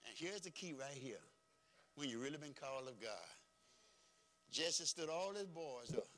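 A man preaching a folksy, emphatic sermon as pastor, swinging between soft and loud. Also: a little high, lively intonation, normal speed. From rural background.

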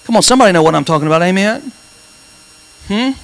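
A male pastor preaching a lively sermon with call-and-response asides and dramatic shouted peaks in a church. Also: high-pitched, fast talker, creaky.

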